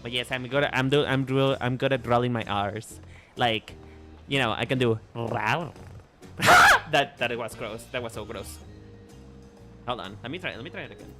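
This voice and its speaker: A man's voice: medium pitch, fairly quick, music in the background. Playful, stammering male game streamer. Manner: chatty and playful, teases his chat, repeats and restarts words. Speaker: VTuber streamer. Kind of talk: casual game livestream chat.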